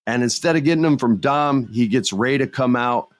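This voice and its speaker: A man from the United States hosts a podcast in a relaxed, slang-heavy way. He tells stories with animation, and his voice sits at an ordinary middle pitch. The recording is dry and close, with no room sound. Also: normal speed, no echo. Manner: laid-back, slangy, animated storyteller. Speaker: podcast host. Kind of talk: casual chat.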